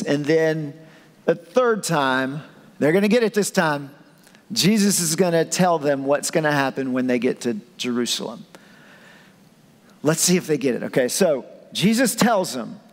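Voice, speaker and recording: A male pastor preaching a sermon in a humorous, conversational way, acting out the scenes he retells. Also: fairly high pitch. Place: church auditorium. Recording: echoey church hall.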